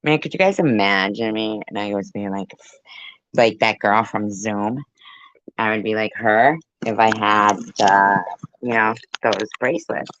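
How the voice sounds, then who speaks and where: A woman's voice: very deep voice, a little slow, a bit bright, no room sound, highs cut off. A woman vlogger chatting to her viewers in a rambling, jokey way, laughing at her own jokes. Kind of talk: rambling casual chat to viewers.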